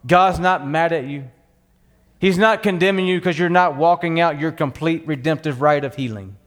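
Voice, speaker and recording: A Texan man preaches in a high, ringing voice, full of fire and conviction. His words carry a long echo through a church hall. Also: a bit bright. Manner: passionate, fiery preaching. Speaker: pastor. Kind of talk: sermon.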